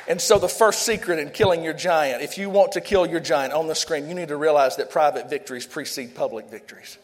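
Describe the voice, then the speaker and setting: A man's voice: a little high, fairly quick, some chatter behind, slight background noise. A man with a South Louisiana accent preaching a sermon as pastor, fervent and leading call-and-response. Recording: echoey hall, long reverb.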